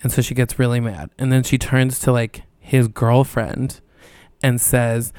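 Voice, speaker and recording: A man's voice: mid-range voice, flat delivery, unhurried, darkish tone, clean tone, no room sound, studio quality. A young man co-hosting a podcast, chatty, telling stories and laughing often. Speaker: podcast co-host. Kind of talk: casual chat.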